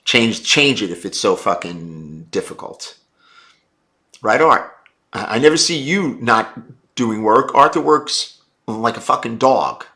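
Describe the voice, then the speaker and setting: A man's voice: mid-range voice, expressive, slow, bright, forceful tone. A man hosting a casual live stream, answering viewer chat in a blunt, brash and profane way.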